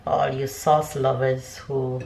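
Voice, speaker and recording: A woman's voice: rumbling low, little pitch movement, measured pace, gravelly, darkish tone. Young woman, family vlogger, chatty step-by-step narration, echoey kitchen. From Jamaica. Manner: chatty, narrates each step as she goes. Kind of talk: casual chat to camera. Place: home kitchen. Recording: echoey kitchen with clattering dishes.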